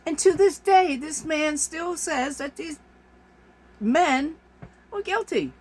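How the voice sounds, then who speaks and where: A woman's voice: high voice, slow pace, a little mellow. A woman vlogger delivers an exasperated, emphatic rant to camera, repeating her points for force. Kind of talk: ranting monologue to camera.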